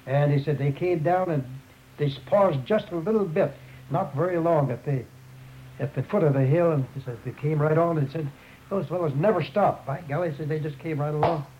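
A man's voice: on the high side, a little fast, a little hiss or hum. A man giving an oral history retelling in a rambling way, with many restarts and repeated phrases. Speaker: storyteller. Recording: dull lo-fi tape recording.

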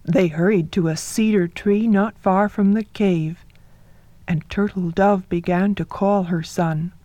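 A woman narrating a folktale in a soft, measured storytelling manner, sometimes dropping to a whisper. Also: mid-range voice, steady tone, no echo.

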